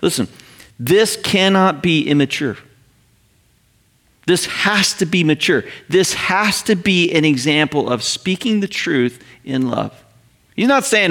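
A middle-aged male pastor preaching to his congregation with a slightly high voice. He talks in a loose, conversational way. He slips into quick little acted-out voices for the people he quotes. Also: lively intonation, fairly bright tone. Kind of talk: sermon.

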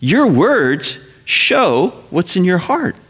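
A man preaching a sermon, slowing down to read scripture and speeding up in quick explanatory asides. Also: sits high. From North America. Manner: animated, quotes scripture slowly, paraphrases in quick asides. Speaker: pastor.

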